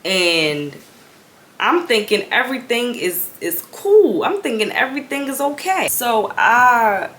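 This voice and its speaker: Speaking unhurriedly in a voice on the high side, a young female vlog host spins a chatty, slangy storytime. Her animated, conversational telling rises into fits of exasperation.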